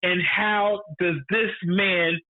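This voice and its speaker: A man's voice: high-pitched, flat delivery, slow. A man co-hosting a casual movie review podcast, emphatic and swearing freely, repeating his points for effect. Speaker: podcast co-host. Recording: narrow phone-like sound.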